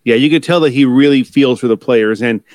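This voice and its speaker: A man's voice: medium pitch, brisk, a little mellow, no echo, studio quality. Rambling, hesitant man in casual chat. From United States. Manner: rambling, self-correcting, hesitant with fillers. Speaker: podcast co-host.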